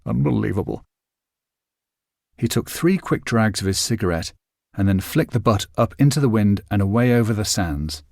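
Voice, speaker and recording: Expressive male audiobook narrator. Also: fairly low pitch, no room sound, clean studio sound. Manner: expressive, measured storytelling. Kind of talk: scripted narration.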